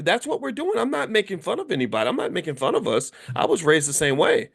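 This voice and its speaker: A middle-aged American man, a finance educator hosting his channel, giving an animated, casual motivational talk and acting out the voices of people he quotes. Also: high-pitched, fast, gravelly, few pauses, slightly rough.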